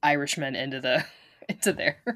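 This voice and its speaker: Woman podcast host, low pitch, casual, dry, steers conversation. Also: fairly even intonation, moderate pace, fairly bright tone. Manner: steers the talk, dry asides. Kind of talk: casual chat.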